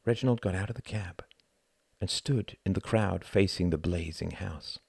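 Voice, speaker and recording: A man who wrote the novel reads his own audiobook in a measured, expressive way. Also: sits low, vocal fry, slightly rough, dry recording, studio quality. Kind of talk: dramatic audiobook narration.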